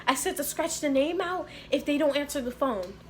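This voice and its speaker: A woman voicing a hysterical older female manager who accuses and scolds in a shrill, drawn-out way. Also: lively intonation, a little hiss or hum. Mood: frantic.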